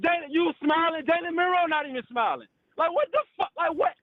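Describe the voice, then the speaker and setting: High-voiced man ranting on a call-in line. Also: fairly quick, no echo, phone-quality sound. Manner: frustrated, profane, repeats "bro" and "literally". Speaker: caller. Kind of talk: heated call-in rant.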